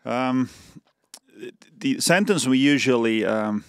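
A man with an Estonian accent, a defense official, explaining policy as a podcast guest in a deliberate way with many fillers and restarts. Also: lowish voice, fairly even intonation, vocal fry, no echo, studio quality.

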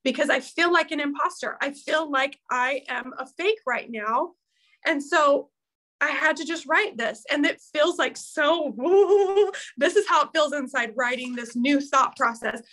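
High, bright-voiced earnest woman. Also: moderate pace, low-quality recording. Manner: emotional, tearful at times, earnest and open. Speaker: team leader at an accountability meeting. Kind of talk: casual motivational talk to her team.

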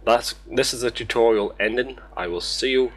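A man's voice: medium pitch, normal speed. A man talking through a game tutorial in a casual, rambling, sweary way, poking fun at himself. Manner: rambling, sweary, self-mocking. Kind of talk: casual screen-recorded tutorial.

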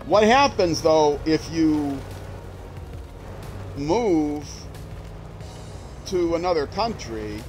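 A man's voice: on the high side, expressive, extremely slow, pauses often, darkish tone, soft background music, poor audio. A man streaming a game, chatting casually as he plays, musing aloud and restarting his sentences. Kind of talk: casual gameplay commentary.

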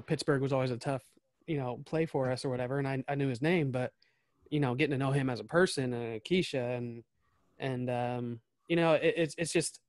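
A man's voice: mid-range voice, no echo, studio quality. A man from small-town Southern Indiana, a podcast host speaking in an earnest, rambling way. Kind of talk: casual podcast chat.

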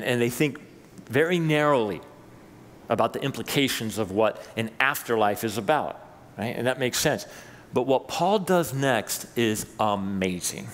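A man, a pastor, preaching a sermon with lively rises when he reads scripture and chatty asides to his listeners. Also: medium pitch, long reverb tail, a little hiss or hum. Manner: animated preaching, voice rising for quoted scripture; conversational asides to the congregation. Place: church sanctuary.

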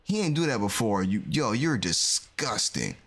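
A man casually commentating a game he is playing, animated and exclaiming as he reacts. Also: lowish voice, moderate pace, husky. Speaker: gaming video host. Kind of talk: casual let's-play commentary.

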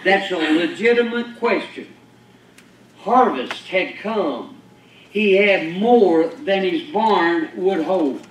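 High-voiced man preaching in an echoey church. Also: animated, slow pace, distant mic, a little hiss or hum. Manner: emphatic preaching with rhetorical questions. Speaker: pastor. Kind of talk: sermon.

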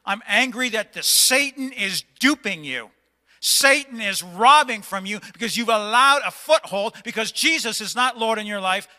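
A man's voice: sits high, expressive, moderate pace, sharp tone. A man preaching a stern, exhorting sermon as pastor of a church, at times raising his voice in rebuke. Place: church sanctuary. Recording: long hall reverb.

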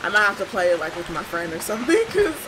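A young woman giving casual, swear-filled commentary while playing a horror game and talking to her viewers, jumpy and quick to shriek. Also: medium pitch, big pitch swings, heavy background noise. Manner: chatty, swears a lot, talks to viewers; jumpy, shrieks when startled. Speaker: gaming streamer.

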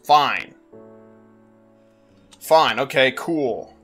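A man narrating his gameplay in an unhurried, drawn-out delivery. His voice sits high and bright, and he keeps exclaiming in exasperation, with laughs and sighs breaking through. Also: lively intonation, faint music behind. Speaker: gaming channel host. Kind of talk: let's play commentary.

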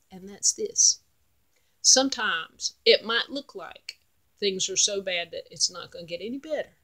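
A woman with a Southeastern North Carolina accent tells a folk tale in an unhurried, folksy drawl. Her voice is bright and forward, and she takes her time over every phrase. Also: medium pitch. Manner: folksy, drawling, dialect grammar. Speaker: storyteller.

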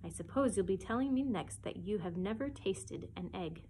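A woman's voice: mid-range voice, animated, moderate pace, warm tone, a little hiss or hum, close to an everyday voice. A children's librarian voicing a fretful, shrieking mother pigeon that guards her eggs and scolds with contempt. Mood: scornful. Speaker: children's librarian reading aloud.

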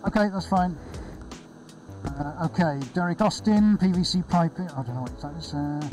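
A man's voice: on the high side, moderate pace, darkish tone, faint music behind, rough recording. A man hosting a live painting stream, talking in a chatty, upbeat and rambling way with many fillers. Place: indoor studio floor with extractor fan.

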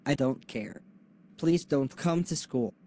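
A jeering schoolboy bully, played by a young man in a school video, taunting and cackling at a new classmate. The voice sits at an ordinary middle pitch, with a faint hiss behind it. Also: takes it slowly, mellow, natural voice.

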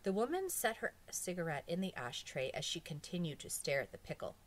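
A woman reading a children's story aloud in an expressive storybook manner. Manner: expressive, slow, lively pitch. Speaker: audiobook reader. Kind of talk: storybook narration.

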